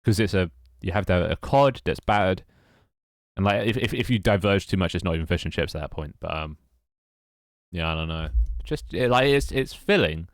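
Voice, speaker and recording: A young man with a British accent talks loosely and wryly as he works through tasks on his game. His voice sits low, and the sound is dry and close, with no room echo. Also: lively intonation, fairly quick. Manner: rambling, wry, self-mocking. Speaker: game developer streamer. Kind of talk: casual live-stream chat while working.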